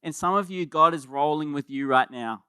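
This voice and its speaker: A man preaching a sermon as pastor, in a conversational and animated way, often repeating words as he starts a thought. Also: fairly high pitch, normal speed, clean tone, no echo, studio quality.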